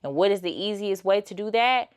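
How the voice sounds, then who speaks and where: A woman's voice: mid-range voice, lively intonation, brisk, clear, resonant tone. A young woman, giving a chatty, emphatic motivational vlog monologue. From Georgia, USA. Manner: emphatic and chatty, full of fillers and rhetorical "okay?". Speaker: lifestyle motivational vlogger.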